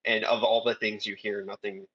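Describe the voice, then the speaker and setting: A man's voice: on the low side, little pitch movement, moderate pace, fairly bright tone, husky, lo-fi sound. A man running a tabletop game as game master, describing scenes hesitantly with many fillers. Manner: hesitant, lots of um and like.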